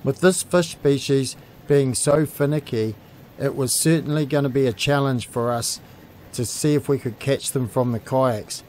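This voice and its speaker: A man, hosting a fishing show and giving a steady, informative scripted voice-over. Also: mid-range voice, measured pace, slight background noise.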